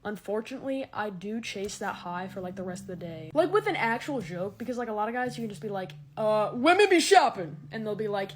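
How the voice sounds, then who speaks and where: A woman's voice: mid-range voice, animated, fast talker, few pauses. A young adult woman delivering rambling, exasperated comedic rants straight to camera, full of "like" and restarts. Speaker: comedy video creator.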